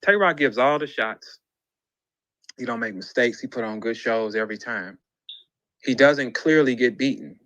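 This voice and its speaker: A man's voice: mid-range voice, expressive, moderate pace, pauses often, dry recording. Profane ranting man, dry close sound. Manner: profane, incredulous, mocking, shouts quoted lines. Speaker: battle rap commentator. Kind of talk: heated ranting monologue.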